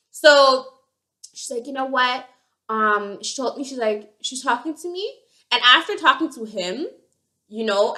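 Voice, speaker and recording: A young woman telling a storytime vlog, animated and acting out the other voices. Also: fairly high pitch. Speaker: vlogger.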